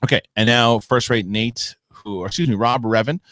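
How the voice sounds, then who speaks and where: A man's voice: medium pitch, moderate pace, a bit bright, slight background noise. A man hosting a live stream, casually reading viewer comments and thanking them. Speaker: host.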